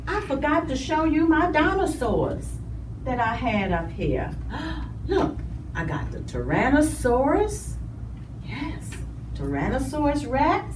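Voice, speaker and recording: A woman hosting children's storytime in a library. She speaks to small children in an animated way and draws out her words. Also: high-pitched, background noise. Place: library room. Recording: roomy, distant mic.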